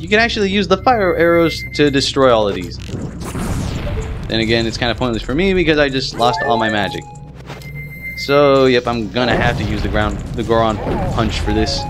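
A young man giving casual let's-play commentary, excitable and quick to swear and yelp when the game goes wrong. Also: mid-range voice. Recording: game music behind voice.

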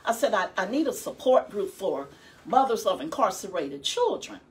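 A woman's voice: mid-range voice, very animated, moderate pace. A middle-aged woman guest giving a personal testimony, telling her story conversationally and quoting her own prayers. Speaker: guest, founder of a support ministry. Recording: distant mic.

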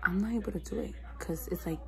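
In a casual confessional vlog, a young woman talks to the camera about how stressed and low she feels, filling her speech with "like" and "you know what I mean." Her voice is on the low side, fast, creaky and dark, and the audio is poor.

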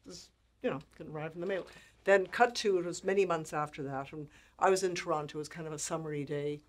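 A woman in her sixties, a make-up artist speaking as a guest, telling lively anecdotes and acting out the people she quotes. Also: low-pitched, fast talker. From Ireland. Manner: animated anecdotes, frequent laughter, acts out quoted people. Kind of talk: storytelling interview talk.

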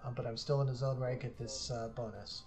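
A woman with a very deep voice hosts a board game session, chatting casually into her own streaming mic. She laughs often and talks through her moves as she thinks. Faint music plays under her voice. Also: fairly even intonation, fast. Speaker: host and player. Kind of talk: casual chat while playing a board game.

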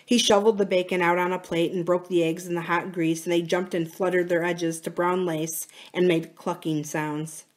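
A woman hosting a library reading series, reading a novel aloud in a steady, plain manner. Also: fairly low pitch, moderate pace, few pauses. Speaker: library read-aloud host.

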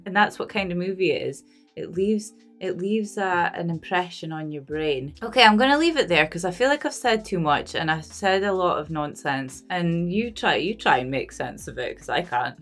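Scottish woman vlogger, loose rambling chat, frequent laughs, mid pitch. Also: fairly bright tone. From Scotland. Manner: rambling and self-deprecating, laughs often. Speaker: movie reaction vlogger. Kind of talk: casual unscripted chat to camera.

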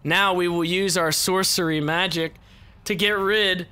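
With a clear, resonant tone and a measured pace, a young gaming YouTuber provides let's-play commentary. He swears and gets excitable, alternating low growled taunts with shrieks.

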